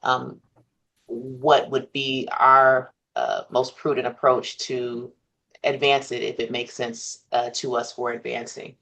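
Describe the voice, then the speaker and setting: A man chairing a commission meeting, speaking in a measured, formal way with many pauses. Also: mid-range voice, little pitch movement, creaky, pushed and bright.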